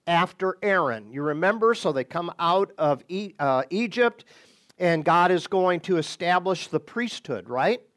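A man with a notably high voice walks listeners through a Bible passage. He takes his time, speaking in a measured, deliberate way, then leans hard into key words. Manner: deliberate, with bursts of emphasis. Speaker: Bible teacher.

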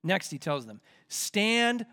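A man's voice: high-pitched, big pitch swings, takes it slowly, bright, forceful tone. A man preaching a sermon, reading scripture aloud and acting out people's complaints with rising emphasis. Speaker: pastor.

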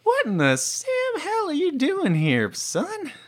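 A polite elf farmer who stammers and apologizes in a folksy, raised voice that jumps up and down in pitch, as a game master plays him. He talks like simple country folk at a table game. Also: huge pitch swings, takes it slowly, exaggerated voice. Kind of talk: tabletop role-play.

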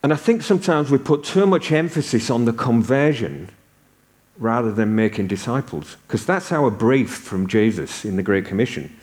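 A man's voice: mid-range voice, expressive, normal speed, darkish tone. A man in his sixties from the north of England, preaching a sermon and telling stories with humor. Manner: conversational storytelling with humor.

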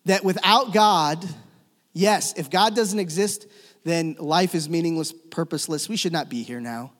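A man preaching a sermon as a pastor, swinging between loud emphatic lines and hushed, slow ones. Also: on the high side. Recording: long reverb of a church hall.

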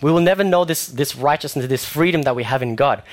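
A young man preaching a sermon in a conversational way, with fillers and animated stories. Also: a little high, fast.

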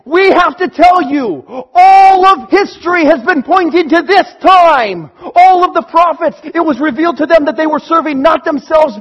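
A preacher voicing excited disciples who loudly and urgently announce their news. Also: male voice, very high voice, big-room sound, lo-fi sound, voice pushed up. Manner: loud and urgent.

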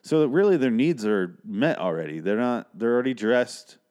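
A man's voice: mid-range voice, sing-song, moderate pace, a little mellow. A man hosting a podcast alone, rambling and swearing as he recaps a story and acts out the characters. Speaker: podcast host. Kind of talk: casual solo podcast chat.

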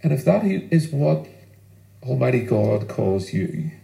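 Earnest preacher in an echoey room. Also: male voice, mid-range voice, sing-song, creaky, mellow. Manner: earnest, emphatic preaching with pauses. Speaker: pastor. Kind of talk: sermon.

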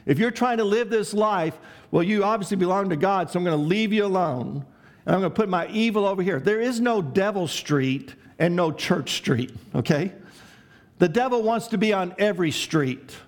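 Man, pastor, sermon, high voice, emphatic, asks the congregation questions. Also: lively intonation, moderate pace. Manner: asks the congregation questions and lets them answer; preaching with emphatic, varied delivery.

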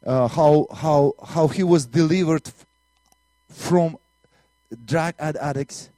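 A man with a Russian accent, from Latvia, preaches a testimony in earnest, halting English and repeats his words as he tells the story. His voice sits a little high for a man, and the sound is close and dry, with no room around it. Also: dark tone, dry recording. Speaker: minister and missionary. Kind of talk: testimony sermon.

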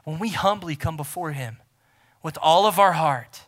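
Bright-voiced man preaching emphatically. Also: fairly high pitch, moderate pace. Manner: emphatic, repeats key phrases, swings from loud to near-whisper. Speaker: pastor. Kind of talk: sermon.

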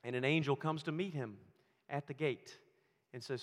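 A man preaching a sermon, swinging between loud emphatic lines and hushed, quiet storytelling. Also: medium pitch, moderate pace. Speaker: pastor. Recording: long hall reverb.

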